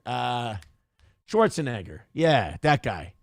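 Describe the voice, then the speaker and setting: A man's voice: a little high, lively intonation, moderate pace, creaky, no room sound, clean studio sound. A man hosting a show, mocking a clip he reacts to in casual, profane commentary.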